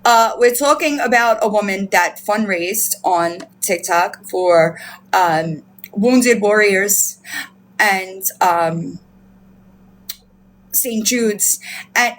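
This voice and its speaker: A woman's voice: mid-range voice, very slow, pauses often. A woman hosting a live stream, ranting in outrage and disbelief, swearing often and repeating herself while she answers her chat. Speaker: livestream host. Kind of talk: heated live-stream commentary.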